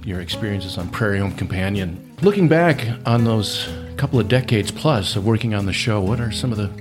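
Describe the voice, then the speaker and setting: A man's voice: fairly low pitch, lively intonation, music in the background. A man hosting a podcast interview, chiming in and laughing often, then asking his guests a question. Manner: encouraging, quick to laugh and chime in. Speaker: podcast host. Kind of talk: casual interview.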